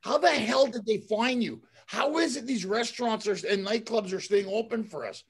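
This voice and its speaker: Gravelly high-voiced male podcast host. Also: moderate pace. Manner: relaxed, rambling, repeats words. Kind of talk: casual chat.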